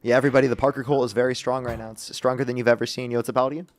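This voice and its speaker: Fast-talking livestream host, dry sound. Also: male voice, mid-range voice, flat delivery, no room sound. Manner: amused, reading out donations. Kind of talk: casual livestream chat.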